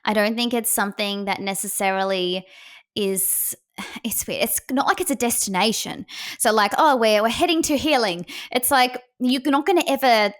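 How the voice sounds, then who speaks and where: Candid, animated woman, fairly high voice. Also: moderate pace. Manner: candid, animated, acts out her own inner voice. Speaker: psychic medium guest. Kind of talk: casual podcast interview.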